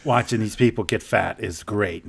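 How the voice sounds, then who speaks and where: A man's voice: lowish voice, normal speed, gravelly, breathy edge. A man co-hosting a podcast, chatting casually with crude humor, laughing a lot and mimicking people in silly voices. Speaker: podcast co-host. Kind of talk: casual comedic chat.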